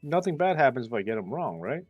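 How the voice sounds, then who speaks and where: A man's voice: medium pitch, very animated, fast, a little mellow, husky, no echo, highs cut off, soft background music. A man playing a tabletop game, hesitant and groaning as he thinks aloud. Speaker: player. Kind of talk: casual tabletop play.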